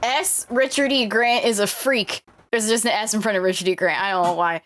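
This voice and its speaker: A woman guest on a podcast, animated and quick to react and joke. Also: mid-range voice. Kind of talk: casual chat.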